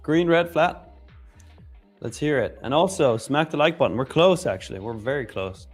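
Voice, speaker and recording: A man's voice: a little high, lively intonation, normal speed, faint music behind. A man co-hosting a live trading stream, reacting briefly and talking upbeat to the chat. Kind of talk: casual chat with viewers.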